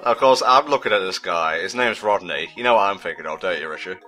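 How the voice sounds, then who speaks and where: A man's voice: deep voice, fast, bright, forceful tone, faint music behind. A man from England in casual gaming banter, joking and teasing while commentating a puzzle game. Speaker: let's play commentator.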